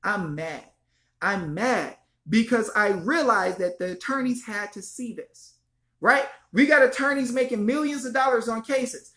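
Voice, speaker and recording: Fiery high-voiced woman ranting. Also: normal speed, a bit bright. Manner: fiery, repetitive, swears mildly, addresses viewers as y'all. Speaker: activist vlogger. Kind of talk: impassioned direct-to-camera rant.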